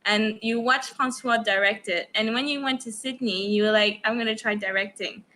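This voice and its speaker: Woman host, high and bright, friendly and encouraging interviewer. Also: normal speed. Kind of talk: casual livestream Q&A.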